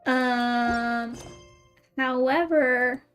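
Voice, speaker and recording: A woman's voice: high voice, fairly even intonation, extremely slow, fairly bright tone, soft background music. A woman game streamer in casual chat, reading a children's story aloud with giggly, amused asides.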